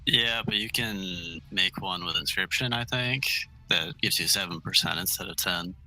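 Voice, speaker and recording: A man's voice: low voice, moderate pace, sharp tone, low-quality recording. A man in casual gaming voice chat who explains game mechanics offhandedly over a voice chat mic. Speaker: raid guild member.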